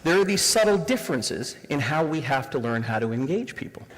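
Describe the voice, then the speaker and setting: A man's voice: on the high side, sing-song, brisk. A Canadian man in his forties giving a live diversity workshop, engaging the audience with rhetorical questions. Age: 40s. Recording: reverberant room sound.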